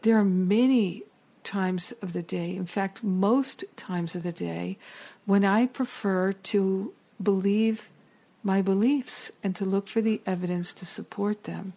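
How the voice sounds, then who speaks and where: A woman's voice: mid-range voice, takes it slowly, vocal fry, warm tone. A middle-aged woman giving an earnest, reflective spiritual teaching talk as a teacher and counselor. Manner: earnest, reflective, builds long lists.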